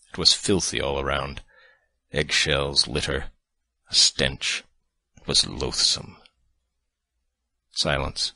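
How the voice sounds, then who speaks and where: A man reading an audiobook in a measured, sardonic first-person narration. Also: rumbling low, steady tone, vocal fry, pushed and bright, no room sound.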